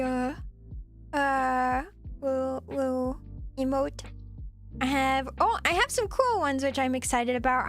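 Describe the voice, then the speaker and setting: A woman's voice: sits high, a bit bright. A woman streaming as a VTuber, chatting casually and playfully with viewers and giggling often. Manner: playful and giggly, cutesy teasing. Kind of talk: casual live-stream chat. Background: faint background music.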